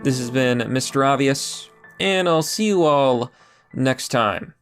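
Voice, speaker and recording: A man's voice: mid-range voice, takes it slowly, clean tone, soft background music. A man hosting his own channel, giving casual, sarcastic political commentary with jokes and asides. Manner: sarcastic, jokey, animated.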